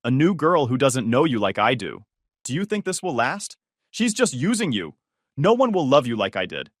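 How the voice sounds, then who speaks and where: A man's voice: mid-range voice, very animated, moderate pace, dry recording, studio quality. A man voicing a tearful young woman who pleads desperately with her ex-fiancé to take her back. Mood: bitter pleading.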